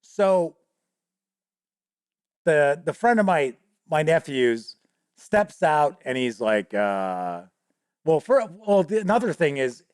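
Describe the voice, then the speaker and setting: A man's voice: on the high side, big pitch swings, slow, long pauses, a little mellow, smooth, dry recording, studio quality. A man hosting a show, casually telling a rambling story from his tabletop game with many restarts. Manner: rambling, many restarts, acts out players' voices. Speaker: host.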